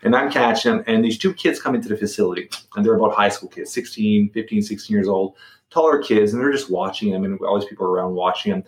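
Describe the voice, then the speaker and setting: A man's voice: lowish voice, fast talker, reverberant. A middle-aged man telling a personal story as a podcast guest. He talks casually, repeats words and restarts sentences.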